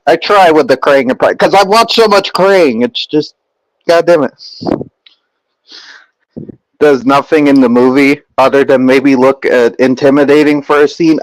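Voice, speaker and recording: A man's voice: on the high side, moderate pace, no room sound, poor audio. A young man streaming and chatting casually with his viewers, rambling with lots of fillers and restarts.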